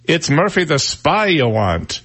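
A male radio host voicing a sly Irish village bartender in a told joke, with a raised, drawn-out delivery. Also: on the high side, sing-song, a bit bright, breathy edge, pitched above the performer's own voice, heavily acted.

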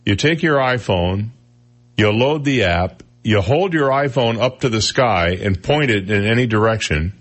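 A man's voice: on the low side, fairly bright tone. A man hosting a casual radio talk show, telling odd news stories with jokey asides. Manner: chatty storyteller, jokey asides, quick impressions. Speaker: radio host.

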